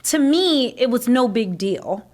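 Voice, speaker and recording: A woman's voice: a little high, lively intonation, unhurried, a little mellow. A woman from the American South chatting casually on a livestream, rambling with many fillers and restarts.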